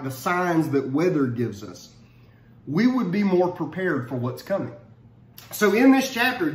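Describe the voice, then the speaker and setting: High-voiced man teaching Bible, roomy echo. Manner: conversational, repeats words when restarting, animated. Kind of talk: casual Bible study talk.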